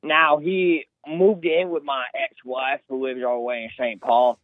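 A man's voice: mid-range voice, little pitch movement, unhurried, no room sound. A man from Minnesota calls into a radio show and complains in an agitated way. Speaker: caller. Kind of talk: call-in radio talk. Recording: tinny phone line.

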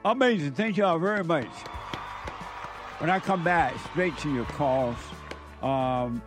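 A man's voice: a little high, takes it slowly, long pauses, over music. A man hosting a live call-in talk show, playful, asking puzzled questions and thanking viewers.

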